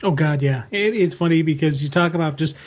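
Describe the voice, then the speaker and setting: A man's voice: fairly high pitch, brisk. A man co-hosting a podcast in casual chat, rambling with frequent restarts. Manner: rambling, many restarts and fillers. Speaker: podcast co-host.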